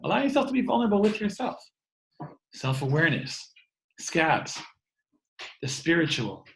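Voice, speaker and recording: A man's voice: on the high side, big pitch swings, moderate pace, fairly bright tone, slight background noise, poor audio. A man in his thirties giving an earnest inspirational talk over a video call from home, often repeating words as he goes. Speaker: speaker giving an online talk. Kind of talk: warm inspirational talk to an online audience.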